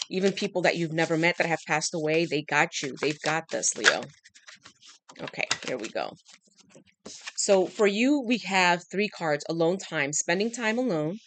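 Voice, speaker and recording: A woman with a lowish voice gives a channeled tarot reading. She speaks straight to her listener, emphatic and coaxing, with a dry throat. Faint clicks sound in the background. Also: noisy background. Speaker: tarot reader.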